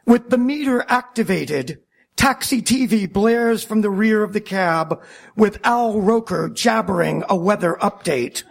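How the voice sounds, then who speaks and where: A man narrating a wry first-person story about driving a taxi, deliberate and self-mocking. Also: sits high, gravelly.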